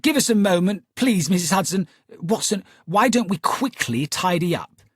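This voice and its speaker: A man's voice: high voice, normal speed, husky, no echo, clean studio sound, voice pushed up. A man doing a cool, cordial Victorian detective. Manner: cordial, calmly superior.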